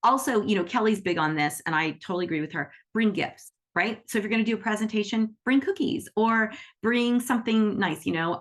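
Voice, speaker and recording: A woman's voice: mid-range voice, a bit bright. A woman teaching on a group call, chatty, acting out little quoted conversations and often asking "right?". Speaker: animal Reiki teacher.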